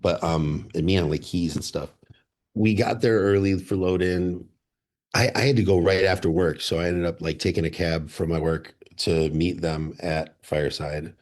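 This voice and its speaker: A man's voice: sits low, steady tone, moderate pace, darkish tone. A man from the Chicago area, a band member guest in a radio studio, telling rambling anecdotes with many restarts. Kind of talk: casual interview storytelling.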